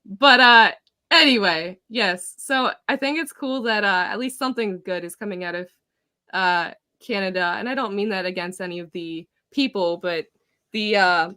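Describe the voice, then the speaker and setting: A woman co-hosting a reaction show who chats easily and laughs often. Her voice is bright and mid-pitched, and the recording is dry and close. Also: normal speed, clean tone, no echo. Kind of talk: casual chat.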